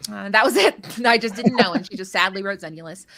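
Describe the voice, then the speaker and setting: Casting a live card game tournament, a woman keeps up chatty, jokey banter, rambling through player intros and stories. Her mid-range voice is fast, gravelly, and fairly bright.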